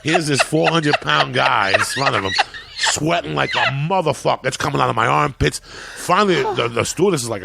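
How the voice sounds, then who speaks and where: A man who is a podcast guest, telling loud, profane stories in casual chat. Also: mid-range voice, animated, brisk, creaky, a little hiss or hum.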